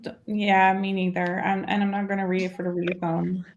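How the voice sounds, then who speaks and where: A woman's voice: medium pitch, little pitch movement, brisk, dull audio, a little hiss or hum. Dutch woman chatting on a live stream. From Netherlands. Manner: laughs often, friendly and chatty. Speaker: readathon co-host. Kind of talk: casual live-stream chat.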